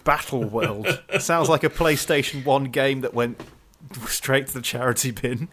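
A man co-hosting a casual film review podcast, animated, laughing often and tripping over his words. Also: medium pitch, measured pace, slight background noise. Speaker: podcast co-host.

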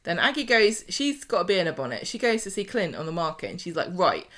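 Woman, podcast co-host, casual chat, low-ish voice, animated retelling. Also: quick pace. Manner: animated, acts out characters' lines. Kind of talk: casual chat recapping a soap.

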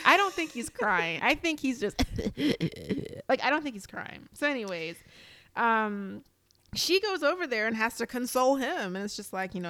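A woman's voice: fairly high pitch, lively intonation, normal speed, a bit bright, no room sound. A woman co-hosting a podcast, recapping in casual chat, chatty and full of fillers as she acts out quotes. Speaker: podcast co-host.

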